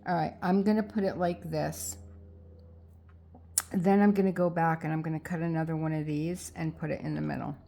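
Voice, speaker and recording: A woman's voice: sits low, fairly even intonation, moderate pace, gravelly, dark tone, slight background noise. A middle-aged woman vlogging as she crafts, rambling and indecisive as she talks herself into her choices. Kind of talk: casual thinking aloud while crafting.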